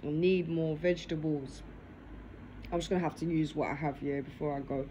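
A woman's voice: low voice, steady tone, fairly quick, dark tone, slight background noise, rough recording. A woman vlogging casually to camera over dinner, filmed on a phone in her lap in her living room, tagging nearly every phrase with "yeah?". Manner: talks while eating dinner.

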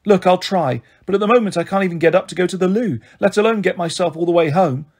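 A man's voice: sits high, quick pace. A man voicing a weary, sore mother in a hospital bed who swears and complains in a groggy, blunt way.

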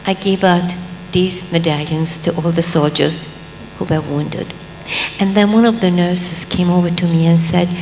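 A woman's voice: on the low side, creaky. An older American woman telling an impassioned religious story as a speaker, building to fervent emphasis. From United States. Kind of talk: inspirational storytelling speech. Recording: hum with long hall reverb.

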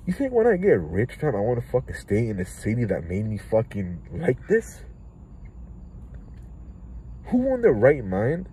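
A young man in his twenties with a Toronto accent rants straight to camera, his voice dark and mellow in tone. He is profane and heated and leaps between thoughts. Faint vehicle noise hums behind him. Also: mid-range voice, huge pitch swings, unhurried, long pauses, rough recording. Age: 20s. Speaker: rapper. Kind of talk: impassioned vlog rant.

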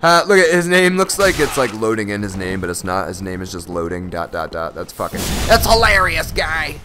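A young man giving excitable, profane live commentary over his own gameplay, often bursting into shouts. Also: on the low side, brisk, noisy background. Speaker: gaming channel host.

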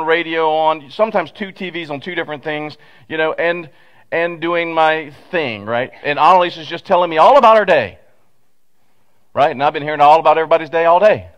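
Folksy pastor preaching in a church. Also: male voice, a little high, muffled recording. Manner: folksy storytelling with asides and rhetorical questions. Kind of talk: conversational sermon. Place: church sanctuary. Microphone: pulpit microphone.

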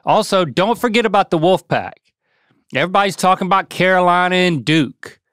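Wry middle-aged man, smooth, dry voice. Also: high-pitched, a little fast, fairly bright tone, no room sound. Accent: Southern US, softened. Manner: wry, joking. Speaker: podcast co-host. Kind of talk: casual chat.

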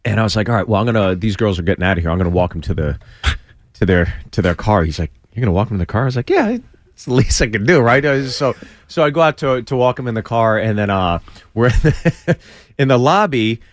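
A male stand-up comic spins a story in a radio studio, his pitch rising and falling a lot. He restarts his lines often and acts out the other characters. The sound is dry and close to the mic. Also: lively intonation, fast, no echo. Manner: acts out quoted voices, lots of restarts. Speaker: stand-up comedian guest. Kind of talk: animated storytelling.

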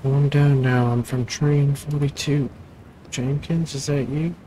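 Flat-voiced man reading a text game. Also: mid-range voice, unhurried, a little hiss or hum, low-quality recording. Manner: reads game text, then chats in asides. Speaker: gaming channel host. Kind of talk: reading a text adventure aloud with casual commentary.

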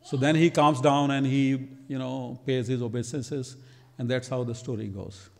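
A man, telling a devotional story as a temple speaker and acting out the quoted lines with lively energy. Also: medium pitch, moderate pace, vocal fry, long reverb tail. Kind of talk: storytelling sermon. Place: temple hall.

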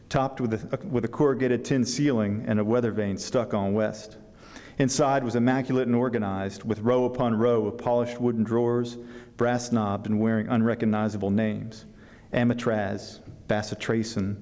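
A man reading aloud from his novel at a public event, pausing with fillers when he talks freely and then reading steadily. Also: on the low side, fairly even intonation, dark tone, big-room sound. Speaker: author at a book fair reading. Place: event hall.

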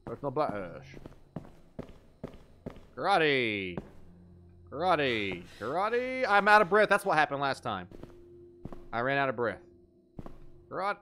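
A man's voice: medium pitch, very animated, normal speed, long pauses, pushed and bright, slight background noise. A young adult man giving live gameplay commentary as a streamer, goofy and joking, swearing at his mistakes.

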